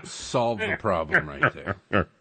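A man's voice: mid-range voice, big pitch swings, slow pace, vocal fry, a bit bright, husky. A male radio co-host trades sardonic, teasing remarks with his partner. He is recorded in a dry studio with almost no echo. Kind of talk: casual radio banter.

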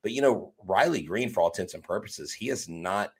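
A man co-hosting a sports podcast, talking in an animated, joking and emphatic way. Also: low voice, fairly quick, slightly rough. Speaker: podcast co-host. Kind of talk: casual sports podcast chat.

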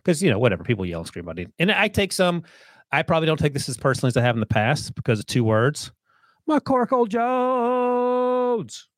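A man's voice: mid-range voice, big pitch swings, racing, no room sound, studio quality. A man who analyzes the football draft, talking confidently and opinionated in a casual podcast chat. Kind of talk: casual sports talk.

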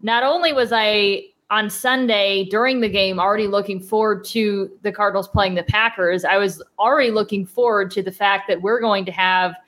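A woman co-hosting a sports podcast. She talks in a relaxed, casual way. Her sponsor reads are brisk. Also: medium pitch. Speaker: podcast co-host.

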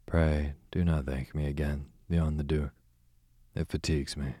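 A man's voice: extremely low pitch, little pitch movement, a little slow, dark tone, husky, no room sound, heavily acted. A man reading the part of a sardonic aristocratic duke in a bedtime audiobook, with a dry, sarcastic drawl.

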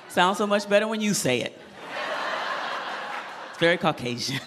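Animated woman doing stand-up in a hall. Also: lowish voice, moderate pace, pauses often, noisy background. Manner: animated, laughs at own jokes. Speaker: stand-up comedian. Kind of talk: stand-up comedy set. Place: comedy club stage.

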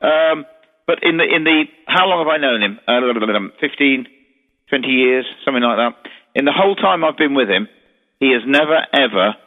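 A man's voice: mid-range voice, lively intonation, moderate pace. An English man, a paranormal investigator, chatting as a radio guest in a rambling, storytelling way with many restarts. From England. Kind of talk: casual radio chat. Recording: tinny phone line with long reverb.

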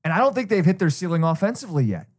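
A man with a slightly high voice co-hosting a betting podcast, needling his partner and laughing easily. When he lays out a pick he turns methodical and walks through the reasoning step by step. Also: very animated, racing, darkish tone. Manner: teasing, laughs often, lays out picks in an orderly way. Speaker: sports betting podcast co-host. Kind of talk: casual sports betting chat.

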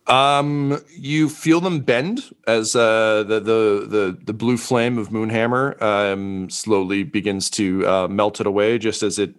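Low-voiced man running a tabletop game. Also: slow, few pauses, smooth. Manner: relaxed, many ums and uhs. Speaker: game master.

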